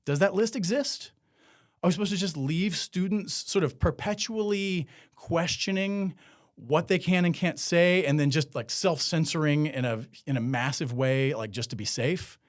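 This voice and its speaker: A man's voice: a little high, normal speed. A man hosting a solo commentary podcast, talking in a sarcastic, conversational way with many filler words. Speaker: podcast host.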